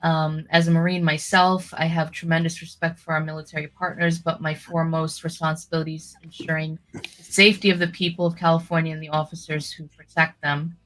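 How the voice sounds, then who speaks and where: A woman's voice: deep voice, flat delivery, a little fast, fairly bright tone. A woman co-hosting a political talk show, chatting casually with lots of "you know" fillers and reading news stories aloud. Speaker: podcast co-host.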